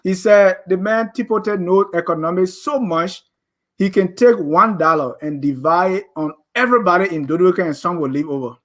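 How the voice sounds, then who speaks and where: A man's voice: high voice, moderate pace, fairly bright tone. A man with a Liberian accent hosting an interview, giving short replies and laughing often. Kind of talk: radio interview.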